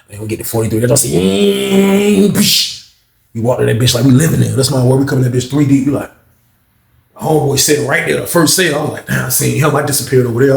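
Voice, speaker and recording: Brief: man in an echoey room, quick streetwise storyteller who does everyone's voices. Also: fairly high pitch, gravelly. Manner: acts out other people's voices while retelling; streetwise slang, frequent swearing. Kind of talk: casual storytelling.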